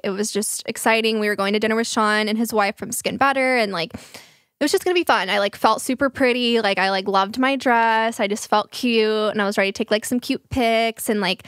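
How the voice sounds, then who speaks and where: A woman in her twenties chatting casually as a podcast host, telling an animated story, acting out quotes and swearing freely. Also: a little high, no room sound, clean studio sound. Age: 20s. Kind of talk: casual chat.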